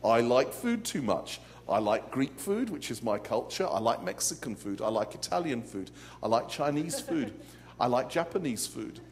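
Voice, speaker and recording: A man's voice: medium pitch, big pitch swings, moderate pace, a little hiss or hum. A man preaching a live sermon to a conference crowd in a hall, with dramatic, comic storytelling. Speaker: pastor.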